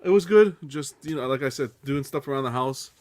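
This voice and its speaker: A man's voice: mid-range voice, fairly quick, a little mellow. A man chatting casually on a livestream, offhand and dry, swearing casually. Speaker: panelist.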